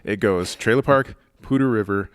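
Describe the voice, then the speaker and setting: Deep-voiced comedian telling a story. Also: male voice, a little slow, smooth, no room sound. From Colorado, USA. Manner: animated, self-mocking storyteller. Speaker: guest comedian. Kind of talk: casual podcast storytelling.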